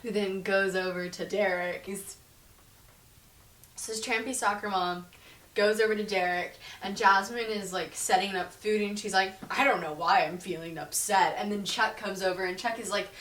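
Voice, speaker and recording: A young woman recapping a book's plot in casual chat, swearing freely and tossing off quick impressions of the characters. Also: medium pitch, steady tone, fairly bright tone. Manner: profane, breezy, slips into quick impressions of characters. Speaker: book reviewer. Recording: echoey room, mic at a distance.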